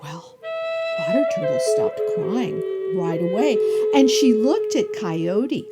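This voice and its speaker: A woman storyteller from Southern California, telling traditional tales at an unhurried pace. Her fairly high voice swoops and lilts expressively, with instrumental music playing clearly behind her. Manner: slow, expressive, lilting. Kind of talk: oral storytelling. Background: soft instrumental music.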